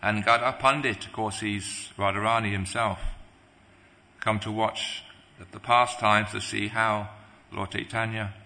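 Male preacher, devotional sermon, halting with restarts, gravelly, very bright tone, long hall reverb. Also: lowish voice, fairly even intonation. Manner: halting, many restarts and pauses.

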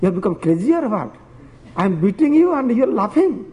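A furious rich landlord barking at his servant in short, scolding questions, as a preacher puts him on. The voice is high and carries a long hall echo. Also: very animated, brisk. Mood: angry. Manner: shouting, scolding. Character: rich, angry landlord master.

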